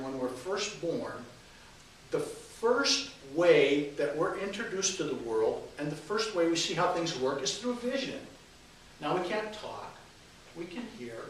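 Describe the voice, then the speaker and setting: A man's voice: fairly high pitch, fairly bright tone. A man giving an informal sermon with jokes, rambling with many fillers and restarts, recorded from a distance in an echoey hall with faint hiss. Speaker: minister giving a talk. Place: church meeting hall.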